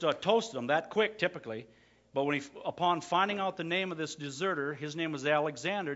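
A man preaching as a pastor, shifting from quiet, close asides to loud, emphatic declarations. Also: a little high, lo-fi sound. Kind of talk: sermon.

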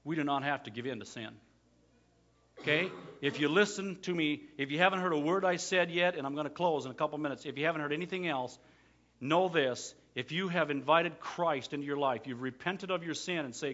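A man preaching as a pastor, shifting from quiet, close asides to loud, emphatic declarations. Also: fairly high pitch, animated, normal speed, dull audio. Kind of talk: sermon.

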